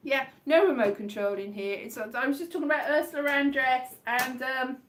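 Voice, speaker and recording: Streaming live from her home, a Welsh comedian rambles casually from one tangent to another. Her voice sits high and runs a little fast, with slight background noise behind it.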